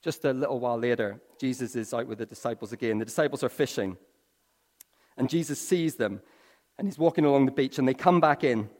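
A man's voice: mid-range voice, a little fast. Man preaching in a reverberant hall. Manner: storytelling, swinging from hushed to excited. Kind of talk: sermon. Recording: long reverb of a large hall.

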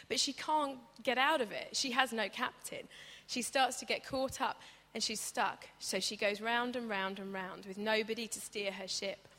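In a church hall, a woman with a slightly high, somewhat bright voice preaches a conversational sermon. She is chatty and funny, acting out stories along the way. The recording carries the hall's reverb.

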